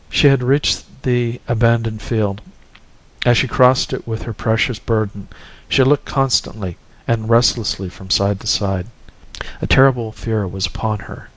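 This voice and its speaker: A man narrating a classic short story in a measured, expressive reading. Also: fairly low pitch, no echo, poor audio.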